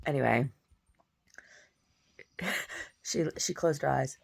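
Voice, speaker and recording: Low gravelly woman rambling softly. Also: slow, no echo. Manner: rambling with frequent restarts. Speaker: painter and poet. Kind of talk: casual monologue.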